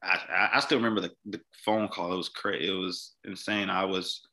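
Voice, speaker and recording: A young man from Mississippi, a podcast guest telling a personal story in a halting way, often repeating words and restarting. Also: deep voice, steady tone, creaky, sharp tone.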